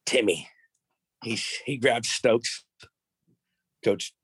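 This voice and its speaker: A husky, medium-pitched man in middle age speaks very slowly on a podcast, relating crude, frank stories from years ago in a relaxed way. He becomes animated quoting others, and the recording is dry.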